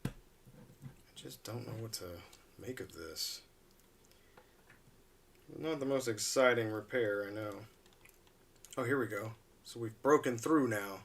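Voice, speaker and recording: A man's voice: mid-range voice, unhurried, pauses often, a bit bright, distant mic. A man hosting a live stream, chatting casually and chuckling as he repairs a toy at his workbench. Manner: rambling, laid-back, chuckles often.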